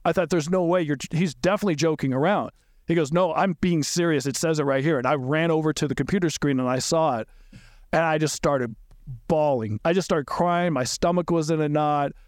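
A middle-aged man telling a painful personal story on a podcast, halting and repeating himself, his voice climbing when he gets upset. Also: fairly high pitch, no echo, studio quality. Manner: halting, repeats and restarts words, rises sharply when upset. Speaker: podcast guest recounting events. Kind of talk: emotional personal recollection.

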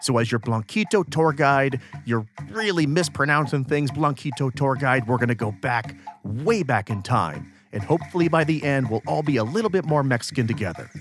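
A man's voice: mid-range voice, lively intonation, fairly quick, hardly any pauses, soft background music. Wry man narrating a history podcast. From upstate New York, US. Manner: wry, self-deprecating. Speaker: podcast host.

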